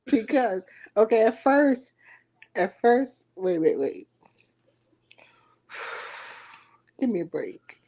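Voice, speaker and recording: A woman co-host speaks very slowly in a high, lively voice. She sounds apologetic and keeps slipping into giggles. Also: husky. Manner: apologetic, giggly, slow-spoken. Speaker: podcast co-host. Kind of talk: casual chat.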